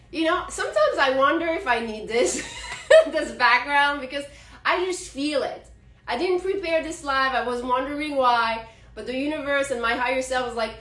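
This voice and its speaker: A French-accented woman talks slowly through a casual live astrology session, her voice sitting a little high. She laughs often and speaks straight to her viewers about spiritual things. The sound carries an echoey room around her. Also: a bit bright. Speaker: astrology channel host.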